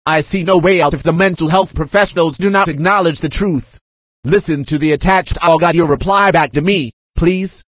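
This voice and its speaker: A man reading a written message aloud in an aggrieved, insistent tone, speaking punctuation marks and spellings out loud like dictation. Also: on the high side, moderate pace, no room sound.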